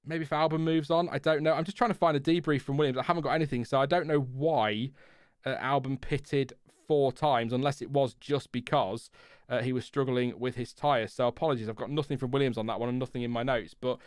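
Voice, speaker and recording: A man's voice: medium pitch, fairly even intonation, a little fast, clear, resonant tone, no room sound, studio quality. A man hosting a casual live race reaction stream, rambling with fillers and reading out chat messages. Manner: chatty, rambling, lots of fillers and restarts, reads chat aloud. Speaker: F1 livestream host.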